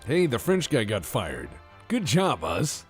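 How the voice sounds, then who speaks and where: A man's voice: mid-range voice, huge pitch swings, takes it slowly, soft background music. A man streaming a naval strategy game, giving playful, rambling commentary with jokey asides to his chat. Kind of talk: casual live-stream commentary.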